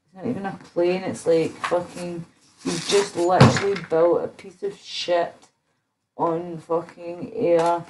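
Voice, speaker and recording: Slow, drowsy rambling woman streamer. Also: on the low side, steady tone, heavy background noise. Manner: rambling, many fillers and trailing off. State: drowsy, slurred. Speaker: livestreamer. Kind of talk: casual livestream chat.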